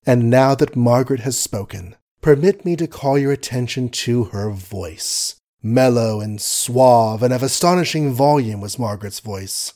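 Male audiobook narrator; measured, wry reading of period prose. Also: medium pitch, a little mellow. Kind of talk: scripted narration.

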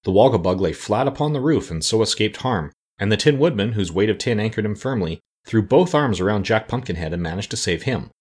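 A man narrating a storybook aloud, expressive and changing his voice for each character. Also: lowish voice, brisk, hardly any pauses, slightly rough. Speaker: audiobook narrator. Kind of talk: storybook reading.

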